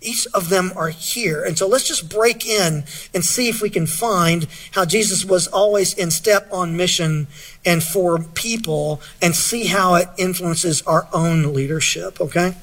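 Husky bright-voiced preacher man. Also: sits high, unhurried. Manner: earnest, asks the audience questions, reads scripture aloud. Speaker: pastor. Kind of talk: sermon.

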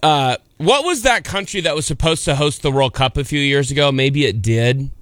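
A man's voice: mid-range voice, animated, normal speed, a bit bright, no echo. A man co-hosting a casual chat, playfully teasing over pronunciations and saying "like" a lot. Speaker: co-host.

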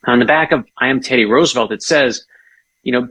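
A man's voice: mid-range voice, a bit bright, breathy edge. A man, an author guest, telling history stories with eager asides in a casual chat. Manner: enthusiastic storyteller, quick asides.

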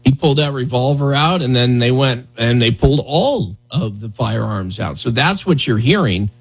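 A man hosts a morning talk radio show from the studio, chatting loosely and mocking the news with a sarcastic, joking tone. His voice is somewhat husky, at an everyday pitch. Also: expressive, moderate pace, poor audio.

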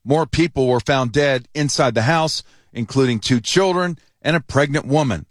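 A man reporting a news story for radio, reading it in a measured, serious way. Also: mid-range voice, no room sound, studio quality.

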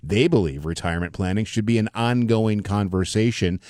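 A man reading a radio advertisement in an earnest, persuasive pitch. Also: moderate pace, a little mellow, dry recording, studio quality. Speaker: radio ad spokesman. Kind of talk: read radio ad.

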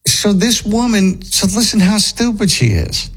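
Incredulous talk-show host, mocking tone. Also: male voice, high-pitched, sing-song, a little slow, husky, rough recording. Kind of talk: casual talk show banter.

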